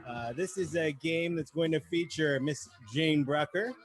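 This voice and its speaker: A man's voice: on the high side, unhurried, soft background music. A man hosting a live improv comedy show, joking and explaining a game loosely with fillers. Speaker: show host.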